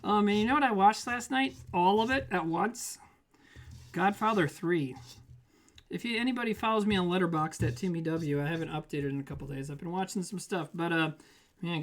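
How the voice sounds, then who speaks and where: His voice sits high and is a bit bright. Baking cookies in his home kitchen on a livestream, he chats casually with viewers in a rambling, joking way, reading the chat out loud and laughing.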